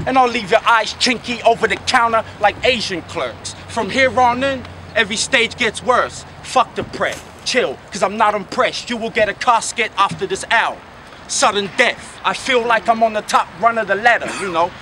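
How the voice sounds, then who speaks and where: Boastful New battle rapper, noisy street. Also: male voice, high-pitched, moderate pace, pushed and bright. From New Zealand. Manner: boastful, confrontational. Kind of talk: rap battle verse. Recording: outdoor recording with clear background noise.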